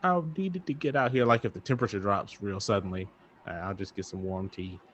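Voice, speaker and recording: A man's voice: lowish voice, fairly quick, fairly bright tone, a little hiss or hum. A man co-hosting a podcast, talking in a laid-back, rambling way with lots of fillers, recorded outdoors on a back patio at night. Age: young adult to middle-aged father. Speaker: podcast co-host. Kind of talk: casual chat.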